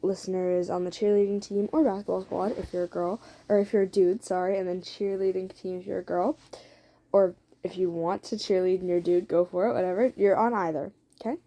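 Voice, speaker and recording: A woman casually narrating an improvised story to her viewers in a rambling, chatty way, swearing and filling pauses with "um.". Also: lowish voice, steady tone, warm tone. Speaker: storyteller for listeners.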